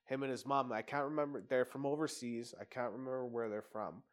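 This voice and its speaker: A man's voice: medium pitch, steady tone, fairly quick. Candid, swearing man telling a story. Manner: rambling, profane, candid. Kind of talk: casual personal storytelling.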